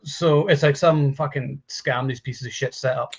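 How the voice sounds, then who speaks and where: A man's voice: medium pitch, fairly even intonation, moderate pace. A man hosting a casual movie chat on a live stream, rambling and swearing with lots of restarts. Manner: profane, rambling with restarts and laughs. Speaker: podcast host. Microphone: home mic on a video call stream. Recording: dull lo-fi stream audio.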